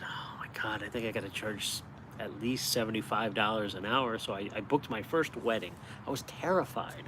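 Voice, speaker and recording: A man from upstate New York chats into his phone on a live stream, chuckling as he tells his stories. He is outdoors and a little street noise hangs behind him. His pitch sits in the middle for a man. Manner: animated storyteller, chuckles often. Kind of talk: casual live-stream chat. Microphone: phone held vertically.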